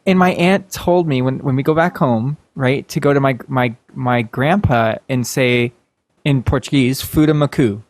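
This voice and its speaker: A man hosting a casual interview podcast, playful and quick to laugh. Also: mid-range voice, dry recording. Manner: playful, laughs often, acts out story voices. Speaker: podcast host.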